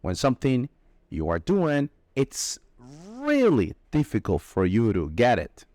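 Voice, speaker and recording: A man teaching English vocabulary, explaining slowly and stressing each key word. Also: mid-range voice, wildly swooping pitch, darkish tone, no room sound, clean studio sound. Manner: slow, emphatic explaining with drawn-out key words. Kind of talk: vocabulary lesson.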